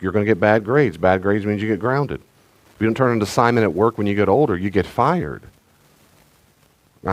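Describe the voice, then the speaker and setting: Middle-aged pastor guy, deep voice, chatty and rambly, keeps restarting sentences. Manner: conversational, rambling with restarts and asides. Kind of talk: sermon-style teaching talk.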